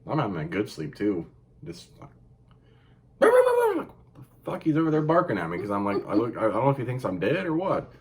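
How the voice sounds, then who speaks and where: Guy cohosting a chill podcast, super lively pitch, cussing and cracking up at his own stories. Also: fast. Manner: animated storytelling, jumps high for exclamations. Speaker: podcast co-host. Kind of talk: casual profane chat.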